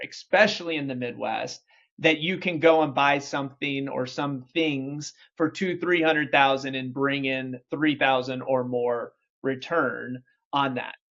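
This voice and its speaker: Male podcast host, mid-pitched and emphatic, on a dull lo-fi recording. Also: a bit bright. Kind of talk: casual conversation. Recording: dull lo-fi sound.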